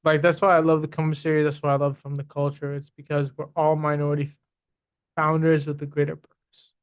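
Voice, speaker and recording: A man's voice: a little high, completely flat delivery, a little fast, clean tone. A man guest on a podcast, an HR tech executive, talking confidently and emphatically, repeating his points while he has the hiccups. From Guyanese roots. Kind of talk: casual interview talk.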